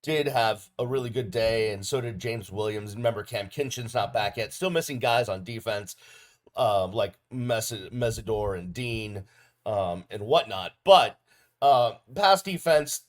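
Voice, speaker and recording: Casual middle-aged male podcast host. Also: medium pitch. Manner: casual, relaxed delivery with frequent ums and uhs. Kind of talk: solo sports recap video.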